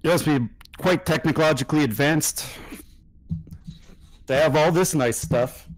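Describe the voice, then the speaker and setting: A man's voice: on the high side, a little slow, voice pushed up, low-quality recording. A man voicing a curious, boastful male alien wanderer who shows off his advanced technology over a voice call. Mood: proud. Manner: showy, pleased with his own technology.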